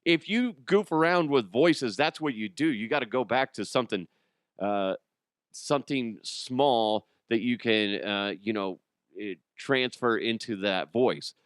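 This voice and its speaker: Podcast guy rambling and joking around, smooth clear voice, dry close mic. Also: mid-range voice, lively intonation, unhurried, no room sound. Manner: rambling, jokey, slips into impressions. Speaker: podcast host. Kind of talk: casual comedic monologue.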